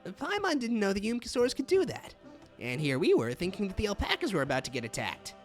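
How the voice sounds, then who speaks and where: Man voicing a chirpy small female sprite, raised voice, lively. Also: high voice, brisk, soft background music, voice pushed up. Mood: surprised.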